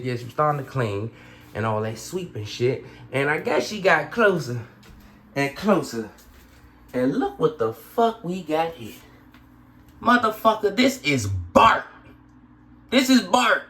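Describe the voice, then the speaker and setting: A man vlogging about his pets, telling a story in a casual, animated way and swearing constantly. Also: fairly high pitch. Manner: animated, profane, heavy cursing. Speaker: pet owner vlogger.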